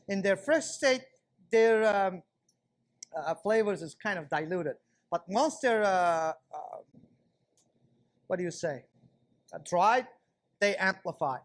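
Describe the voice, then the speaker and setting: A chatty male chef with a fairly high voice talks through a cooking demonstration in a kitchen. He explains each step casually to the viewers as he goes. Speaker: chef instructor.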